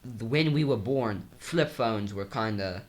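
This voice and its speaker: A young man co-hosting a podcast, chatting casually in a rambling, halting way full of restarts. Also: lowish voice. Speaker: podcast co-host. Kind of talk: casual chat.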